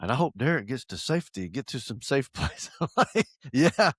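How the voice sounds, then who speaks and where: Southern male host, mid-pitched, lively storyteller, dry close-miked sound. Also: a little fast, slightly rough, dry recording. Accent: Southern American. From North Georgia, USA. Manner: animated storyteller, acts out quotes, chuckles. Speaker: podcast host. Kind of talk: casual podcast chat.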